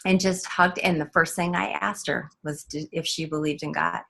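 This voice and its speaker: A woman guest on an interview show, telling a personal story in a halting way, with many ums and restarts. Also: low-pitched, fairly even intonation, creaky, sharp tone. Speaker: guest author.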